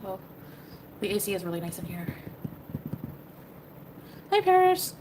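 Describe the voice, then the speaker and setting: A woman's voice: on the low side, flat delivery, fast talker, noisy background. A woman from Canada chatting casually on a livestream, rambling and hedging as she answers. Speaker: streamer.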